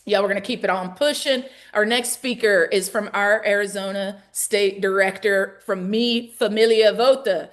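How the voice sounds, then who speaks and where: A woman's voice: medium pitch, normal speed, few pauses. A Southern-accented woman runs an online rally call with lots of energy. She talks in a folksy way and keeps calling out to her listeners as she hosts. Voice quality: lively, folksy, calls out to the audience. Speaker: call host and organizer.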